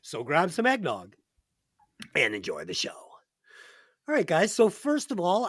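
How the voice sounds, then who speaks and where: A man's voice: high-pitched, huge pitch swings, unhurried, pauses often, a bit bright, breathy edge, dry recording, studio quality. A man hosting a podcast, joking crudely and laughing often. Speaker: podcast host. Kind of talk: casual podcast banter.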